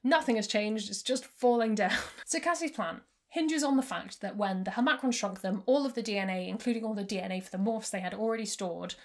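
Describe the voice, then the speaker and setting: A woman's voice: mid-range voice, a little fast. Woman chatting thru a book recap, amused, mid voice. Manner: chatty, amused, laughs at the plot. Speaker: book review channel host. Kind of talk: casual book recap vlog.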